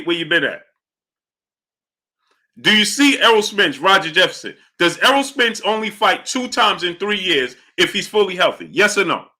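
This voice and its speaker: A man hosting a live boxing chat stream who reads super chats, argues with viewers and keeps demanding yes-or-no answers. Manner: argumentative, repeatedly demanding answers; greets chatters in a low, quiet aside. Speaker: boxing talk show host.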